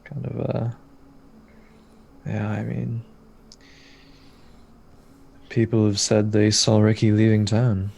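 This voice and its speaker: A man playing a character in a tabletop game, slow and measured. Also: fairly low pitch, monotone, gravelly, a little mellow. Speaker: player. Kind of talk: in-character tabletop role-play.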